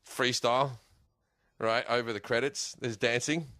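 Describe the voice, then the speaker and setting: A man's voice: mid-range voice, fairly even intonation, measured pace, bright, forceful tone, no room sound, studio quality. An Australian man, a guest comedian, telling rambling stories in casual podcast chat, swearing and laughing often.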